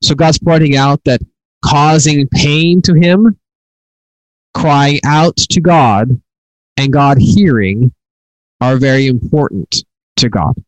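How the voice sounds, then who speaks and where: A middle-aged man gives an earnest Torah lesson, circling back to repeat his words as he works through the text. His voice sits a little high, recorded close and dry with no room sound. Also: slow pace, pauses often, no echo, poor audio. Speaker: Bible teacher. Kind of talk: Torah teaching.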